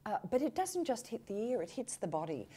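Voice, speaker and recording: A woman from Australia, a communication expert talking in an animated, demonstrative way on a video call. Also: a little fast, slightly rough. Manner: animated, demonstrative, swoops high to illustrate points. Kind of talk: conversational interview.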